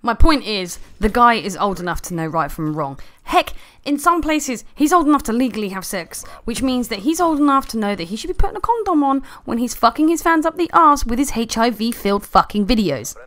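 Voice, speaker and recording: A woman's voice: a little high, sing-song, fairly quick, fairly bright tone, faint music behind. A woman ranting in an angry, sarcastic commentary video full of swearing.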